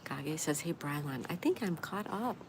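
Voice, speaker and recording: A woman's voice: sits low, expressive, normal speed. A woman hosting a casual live stream, reading viewer comments aloud, greeting each person by name and answering with gushing exclamations. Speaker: livestream host. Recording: noisy background ambience.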